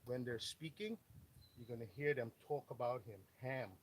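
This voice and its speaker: A man's voice: medium pitch, moderate pace, slight background noise. Joking man explaining engine repair. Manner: joking, off-color asides. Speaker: auto mechanic. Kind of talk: casual repair how-to.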